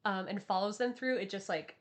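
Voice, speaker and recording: A woman co-hosting a casual podcast, talking in a rambling, animated way with many fillers. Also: medium pitch, brisk. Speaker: podcast co-host. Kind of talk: casual anime chat.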